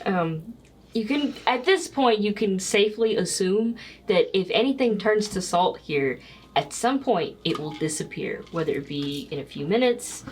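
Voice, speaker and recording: A woman's voice: mid-range voice, lively intonation, normal speed, breathy edge. A woman game master narrating a tabletop game, chatty and loose, often laughing between lines. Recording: clicking noise in background.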